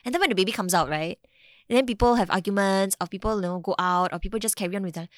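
Animated Singaporean woman, dry studio mic. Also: mid-range voice, rapid-fire, dry recording. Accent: Singaporean English. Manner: animated storytelling, acts out quotes. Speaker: podcast guest. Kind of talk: casual podcast conversation.

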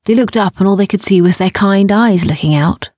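A woman narrating a children's story in a gentle, unhurried way, sometimes dropping to a near whisper. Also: medium pitch, no echo, studio quality.

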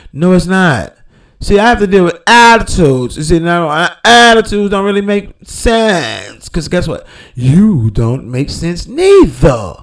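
Podcast host, male, high gravelly voice, unhurried, profane and freewheeling. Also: animated. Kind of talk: casual rambling monologue.

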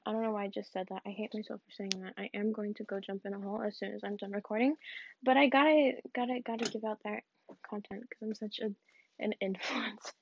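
A woman's voice: medium pitch, fairly even intonation, quick pace, creaky, breathy edge. A young woman from the American South, rambling in a casual vlog with self-mocking, giggly asides while she tidies up. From Southern United States. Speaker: vlogger. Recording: dull, dry lo-fi recording.

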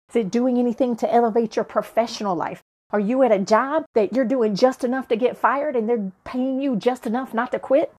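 A middle-aged woman with a slightly high voice hosts a motivational podcast. She speaks straight to her listeners, fired up, blunt and profane, like a preacher. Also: a little mellow. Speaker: podcast host.

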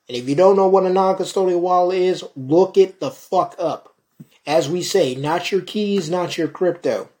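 Man, young adult, solo podcast rant, heated, fast, fairly high voice. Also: darkish tone. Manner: fast, heated, repeats "folks" and swears. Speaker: podcast host.

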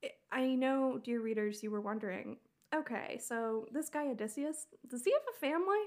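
Giggly young woman podcaster. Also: a little high. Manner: giggly, halting with many ums. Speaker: podcast co-host. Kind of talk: casual comedic chat retelling a myth.

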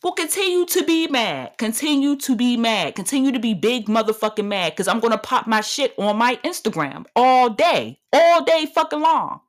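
Woman, 30s, podcast host, solo rant, brash, profane, swaggering, slightly high voice. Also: animated, brisk, few pauses.

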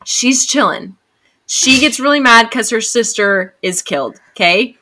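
A young woman co-hosting a podcast, telling a story in an animated, excitable way. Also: a little high, a little slow, a little hiss or hum. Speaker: podcast co-host. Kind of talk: casual chat.

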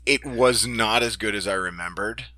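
Podcast guy chatting casually, laughs a lot, slightly low voice, dead dry recording. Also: normal speed, sharp tone, no echo. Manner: enthusiastic, laughs often, repeats words. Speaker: podcast co-host.

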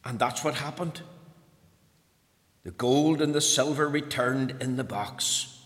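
A man telling a story to children, lively and asking them questions as he goes. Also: mid-range voice, slow. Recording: long hall reverb.

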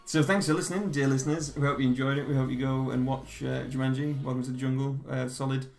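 A man's voice: medium pitch, level tone, fast talker, vocal fry, soft background music. A man hosting a podcast, reading riddles in a teasing, giggly way that keeps slipping into laughter. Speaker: podcast host. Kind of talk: casual riddle chat.

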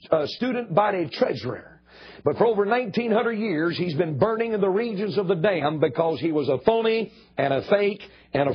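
An older man preaches in a church in a very husky, rough voice that sits rather high. He drives his points home with emphatic repetition and pleading appeals. The recording sounds dull and lo-fi. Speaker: guest preacher. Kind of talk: sermon. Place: church building.

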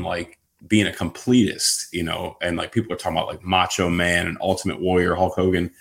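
A man's voice: deep voice, gravelly. A man co-hosting a podcast, chatting loosely and laughing as he talks. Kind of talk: casual podcast chat.

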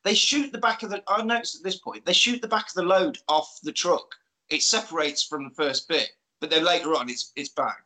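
A man's voice: fairly high pitch, brisk, bright, forceful tone, poor audio. A man casually recapping an action film for friends, playfully acting out characters' lines as he goes. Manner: playful storyteller, acts out film lines in put-on voices. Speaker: podcast host recapping a film.

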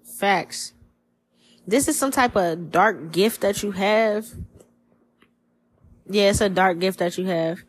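A woman's voice: mid-range voice, takes it slowly, long pauses, breathy edge. A woman hosting a casual spiritual reading podcast, talking in a loose, rambling way, full of slang and swearing. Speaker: tarot reader.

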